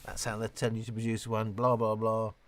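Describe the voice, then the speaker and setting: A man's voice: fairly low pitch, completely flat delivery, a little fast. A British man in his late fifties, chatting casually on a live stream, reading out viewers' comments in a rambling, sweary way, a little tipsy. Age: 50s. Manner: chatty, rambling, swears freely, reads chat aloud.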